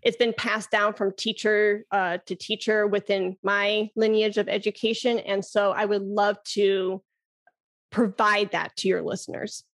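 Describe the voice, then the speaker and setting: A woman flute teacher, a guest in a casual interview, who talks with enthusiasm, laughs easily and demonstrates breathy "ha" sounds. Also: medium pitch, flat delivery, a little slow.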